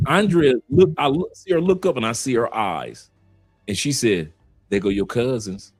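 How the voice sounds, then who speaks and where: A man from Detroit, a guest in a casual live chat, telling stories in an animated way and laughing often. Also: mid-range voice, moderate pace, soft background music. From Detroit, USA.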